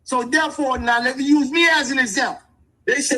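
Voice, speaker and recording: A man's voice: very high voice, a little fast, sharp tone, poor audio. A man talking in an impassioned, street-wise way, hammering his points with repetition like a lecture. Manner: emphatic and repetitive, preachy.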